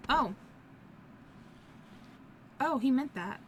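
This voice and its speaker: A woman's voice: a little high, slow pace, gravelly, pauses often, a little hiss or hum. A woman hosting a let's play, reacting to the game with casual exclamations.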